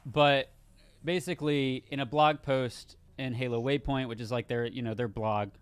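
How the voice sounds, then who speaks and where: A man's voice: medium pitch, fairly even intonation, moderate pace, smooth, dry recording. A man co-hosting a casual gaming news show, rambling a bit with restarts as he reads out the news. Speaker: co-host.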